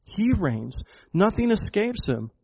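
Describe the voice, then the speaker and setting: A pastor preaches a sermon in a church hall, his voice on the high side for a man, with a darkish, breathy, sing-song quality and vocal fry. He speaks slowly and with emphatic conviction, doubling words to press his points and calling the congregation "folks." The recording sounds dull and lo-fi.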